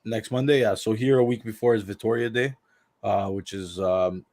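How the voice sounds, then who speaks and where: A man's voice: fairly low pitch, steady tone, normal speed, a little mellow, no echo, studio quality. A man from Canada who co-hosts a podcast, chatting from home in a laid-back, easygoing way. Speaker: podcast co-host. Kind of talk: casual chat.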